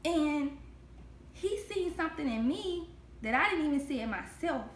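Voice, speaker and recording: A woman with a high voice delivers a spoken Christian devotional straight to the viewer. She talks in an earnest, heartfelt way and leans on repeated phrases for emphasis. The sound carries a noticeable room echo. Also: lively intonation, normal speed, slight background noise. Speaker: devotional host. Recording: echoey room.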